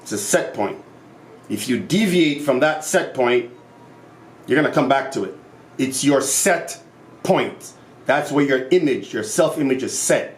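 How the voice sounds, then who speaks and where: A man vlogging about self-improvement in a casual monologue, passionate and animated, acting out quotes as he tells stories. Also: medium pitch, measured pace, pauses often, reverberant.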